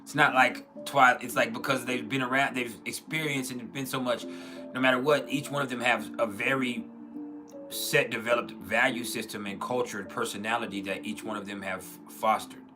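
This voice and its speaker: A man's voice: mid-range voice, steady tone, moderate pace, over music. A man hosting a casual livestream, rambling, often restarting his sentences and reading out chat comments. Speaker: livestream host.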